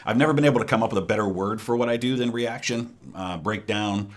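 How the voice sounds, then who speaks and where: A man who hosts a history reaction channel, explaining in a measured way with fillers how his videos work. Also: on the low side.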